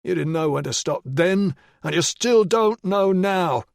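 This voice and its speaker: A man's voice: high voice, animated, a little slow, vocal fry, no room sound, studio quality, pitched above the performer's own voice, heavily acted. A man voicing a menacing male attacker who taunts his victim in an audiobook thriller. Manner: taunting, threatening. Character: menacing male attacker, a detective gone bad. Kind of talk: audiobook character voice.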